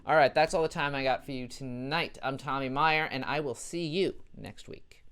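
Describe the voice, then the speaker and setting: A man's voice: mid-range voice, normal speed, a bit bright, smooth. A young adult man hosting a comedy show, delivering a satirical news monologue with dry, sarcastic jokes.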